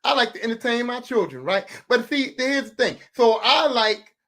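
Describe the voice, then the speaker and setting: Man, high-pitched voice, middle-aged, podcast host, profane comedic rant, repeats himself for emphasis. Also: big pitch swings, brisk, bright, forceful tone.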